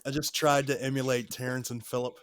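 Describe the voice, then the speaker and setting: A man's voice: medium pitch, flat delivery, brisk, no echo. Wry man trading quips on a podcast. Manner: wry, dry one-liners. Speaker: podcast co-host. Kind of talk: casual podcast chat.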